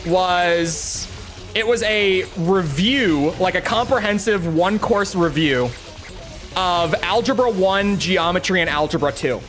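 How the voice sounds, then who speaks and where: A man's voice: high voice, animated, takes it slowly, fairly bright tone, soft background music. A young man streaming a game, telling a rambling, self-mocking story in casual chat with lots of restarts. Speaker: gaming streamer.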